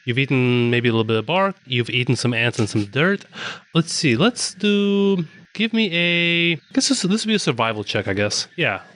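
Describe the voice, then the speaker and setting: A man narrating a tabletop game as game master, relaxed and halting, with many fillers. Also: mid-range voice.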